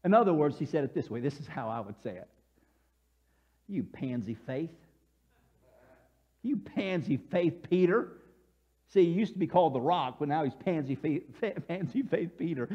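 A male pastor with a high, very lively voice preaches with animated storytelling, slipping into voices for the people in his stories. The sound is a little dull and lo-fi, like a church broadcast feed. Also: quick pace, few pauses, slightly rough. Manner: leads congregation call-and-response. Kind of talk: sermon.

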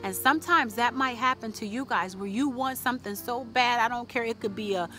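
A woman's voice: fairly high pitch, brisk, sharp tone, soft background music. A woman vlogging casually about her faith, chatty and encouraging, with many fillers.

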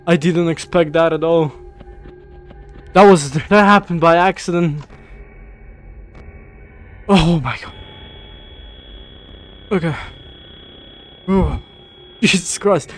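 A young man who is not a native English speaker, playing a horror game and reacting out loud, easily startled and talking to the characters on screen. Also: sits high. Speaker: gaming YouTuber.

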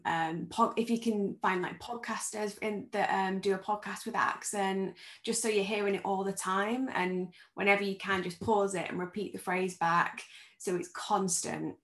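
A woman's voice: medium pitch, fairly even intonation, a little slow, a bit bright. Candid woman actor, echoey call. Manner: friendly, candid, thinks aloud with fillers. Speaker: actor on a career panel. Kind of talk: conversational panel answers.

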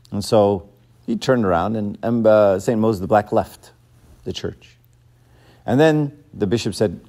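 Guy giving a church talk, low warm voice, chatty, keeps saying right?. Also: moderate pace. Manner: conversational, joking, keeps asking "right?". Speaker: church teacher. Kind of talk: informal sermon lesson.

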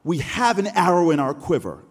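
A man delivering a motivational keynote speech, animated and acting out imagined inner voices. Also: normal speed, slightly rough. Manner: animated, acts out imagined thoughts with rising pitch. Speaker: keynote speaker. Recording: reverberant hall.

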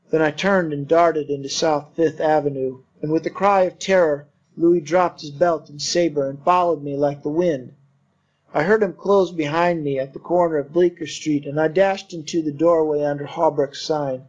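A man narrating an audiobook in a measured, steady storytelling voice. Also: fairly high pitch. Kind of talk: audiobook reading. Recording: dull lo-fi recording.

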